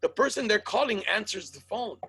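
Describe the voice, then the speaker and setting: Gravelly high-voiced comedian, quick-fire. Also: male voice, lively intonation, sharp tone. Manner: quick, curse-heavy questioning. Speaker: podcast co-host. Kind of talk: casual comedic chat.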